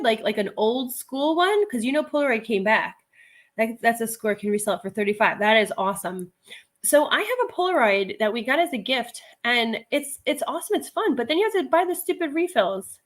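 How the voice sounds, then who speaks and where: Chatty woman hosting a livestream. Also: a little high. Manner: chatty, laughs often, rambling asides. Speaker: livestream host, reseller. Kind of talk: casual live chat reading viewer comments.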